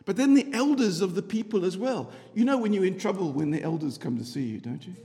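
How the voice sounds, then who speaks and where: A middle-aged man preaching a conversational sermon, telling the story with rhetorical questions and a chatty, animated manner. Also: high-pitched, fast. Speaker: pastor. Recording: long hall reverb.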